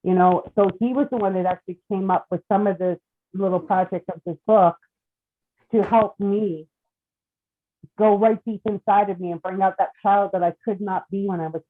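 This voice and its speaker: A woman's voice: mid-range voice, steady tone, normal speed. Earnest woman author, phone-line sound. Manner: earnest, heartfelt storytelling. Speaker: children's book author. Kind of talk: casual chat on a group call.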